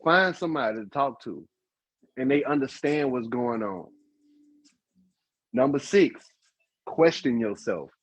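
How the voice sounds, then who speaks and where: Emphatic man with a husky voice. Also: mid-range voice, measured pace, long pauses, no room sound, highs cut off. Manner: animated, emphatic, repeats "guess what". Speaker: podcast co-host. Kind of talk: casual advice talk.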